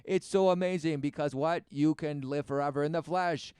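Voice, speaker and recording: A man's voice: on the high side, fairly even intonation, normal speed, a little mellow, smooth, no room sound, studio quality. A man giving rambling, preachy religious commentary, repeating words and firing rhetorical questions with sarcasm. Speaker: commentator reacting to a video.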